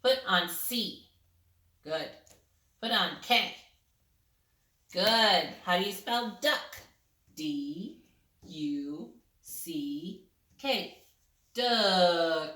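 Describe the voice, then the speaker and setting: Slow, lively-voiced woman teaching spelling. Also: fairly low pitch, roomy sound. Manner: slow, patient and encouraging, spells letter by letter. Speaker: parent teaching a child. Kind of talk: spelling lesson with a young child.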